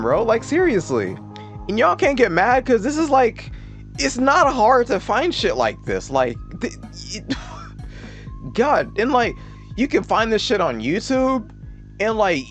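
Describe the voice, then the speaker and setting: Sarcastic, swearing male commentator. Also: high voice. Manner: sarcastic, profane, exasperated. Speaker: political commentary YouTuber. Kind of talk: casual commentary rant.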